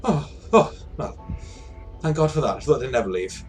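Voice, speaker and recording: A man doing an excitable high-voiced terraforming machine. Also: normal speed, soft background music, natural voice. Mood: relieved. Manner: pushy, wheedling, excitable. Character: eager chatty male AI terraforming machine.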